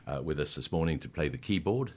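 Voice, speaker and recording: A man's voice: extremely low pitch, animated, quick pace, a little mellow, slight background noise. A man leading a church choir, talking as a guest on local radio in a friendly, hesitant way with lots of ums. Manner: friendly, hesitant with many fillers. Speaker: choir leader. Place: radio studio.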